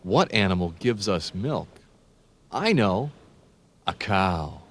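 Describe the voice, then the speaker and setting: A man doing scripted narration for young children, speaking in a slow, sing-song, encouraging way and spelling words out letter by letter. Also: low-pitched, very animated.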